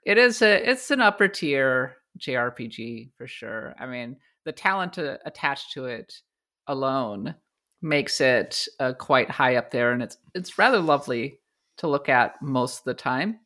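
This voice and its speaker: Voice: medium pitch, expressive, unhurried, sharp tone. A podcast co-host talking casually about games, weighing opinions carefully and aloud. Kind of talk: casual game chat.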